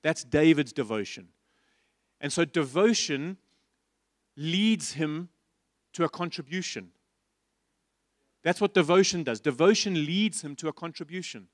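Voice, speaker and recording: A man's voice: fairly high pitch, lively intonation, a little slow, pauses often, no room sound, clean studio sound. A man preaching a sermon in church, passionate and repetitive, asking his listeners rhetorical questions. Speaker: pastor.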